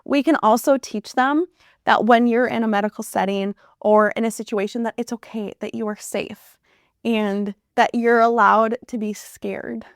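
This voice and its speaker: A woman in her thirties hosting a reflective solo podcast, speaking earnestly and warmly about her life with gentle laughs. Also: a little high, fairly even intonation, normal speed, dry recording, studio quality. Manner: earnest and heartfelt, with soft laughs. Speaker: podcast host.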